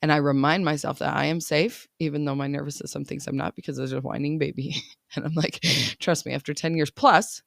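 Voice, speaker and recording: A woman's voice: low voice, fairly even intonation, a little fast, gravelly, no room sound, studio quality. A woman life coach talking casually in a chatty, laughing way, often checking in with "right?". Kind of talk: casual coaching podcast talk.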